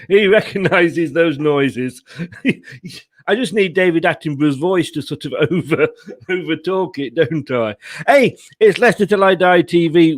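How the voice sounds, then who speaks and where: A man hosting a football fan channel's live stream, casual and chatty, laughing often as he talks. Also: a little high.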